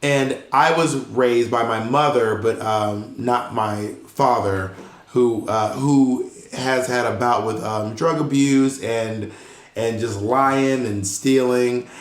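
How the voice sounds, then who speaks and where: A man's voice: mid-range voice, steady tone, slow pace. A man from Corinth, Mississippi, co-hosting a podcast in playful, teasing chat, recorded in a roomy space. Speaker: podcast co-host. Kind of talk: casual chat.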